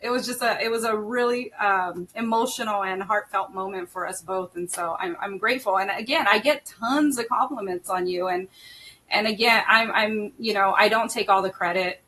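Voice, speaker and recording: Middle-aged woman host, bright tone, warm emotional chat full of fillers and laughs. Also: medium pitch, moderate pace. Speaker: podcast host. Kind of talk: casual chat.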